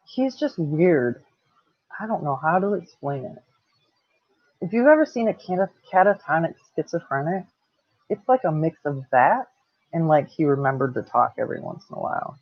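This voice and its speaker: A woman's voice: fairly low pitch, dry recording. A woman in her late thirties telling a personal story to camera, blunt and swearing a lot. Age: 30s. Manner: blunt, heavy swearing, laughs between lines. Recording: tinny dry phone-like sound.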